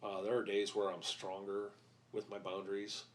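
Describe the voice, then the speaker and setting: Halting, blunt middle-aged man, low voice. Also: flat delivery, a little hiss or hum. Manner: halting, with many fillers and restarts; blunt and profane. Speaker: podcast guest. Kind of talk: candid interview talk.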